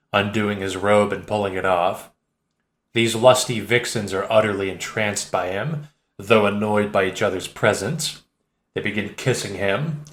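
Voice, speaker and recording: A man reading an audiobook in a steady, measured narration. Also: lowish voice, roomy sound. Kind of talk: scripted narration.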